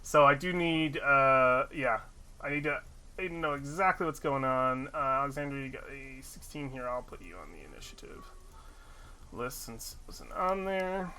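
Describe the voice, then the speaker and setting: A man running a tabletop game as game master, chatty and relaxed as he makes quick rulings. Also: mid-range voice, slight background noise.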